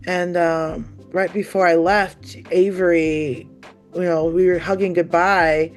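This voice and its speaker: A woman giving an earnest personal testimonial, halting and full of "like" and "you know", close to tears. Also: lowish voice, level tone, soft background music. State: emotional, near tears. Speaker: retreat participant giving a testimonial.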